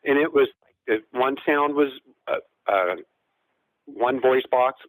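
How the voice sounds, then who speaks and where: A man's voice: mid-range voice, slow pace, no room sound, rough recording. A man telling a long personal encounter story as a guest caller, rambling, with fillers and acted-out quotes.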